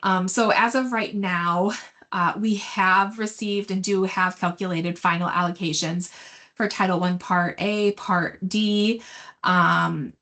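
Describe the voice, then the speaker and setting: A woman's voice: mid-range voice, fairly even intonation, takes it slowly, bright, forceful tone. A woman presenting program updates in an online meeting, hesitant, with frequent fillers as she works through slides. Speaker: state education program presenter. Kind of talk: webinar presentation.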